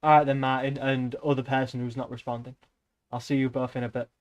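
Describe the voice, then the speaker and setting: A man's voice: medium pitch, level tone, fast, lo-fi sound. A young man streaming, chatting to viewers in a rambling, offhand way and swearing casually. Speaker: livestreamer.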